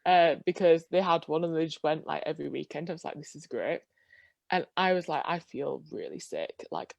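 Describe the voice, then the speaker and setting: A young woman with a slightly low voice chats casually as a podcast co-host. She tells her stories with self-mocking humour. Her voice sounds dry and close to the mic. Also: darkish tone, no echo. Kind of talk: casual storytelling chat.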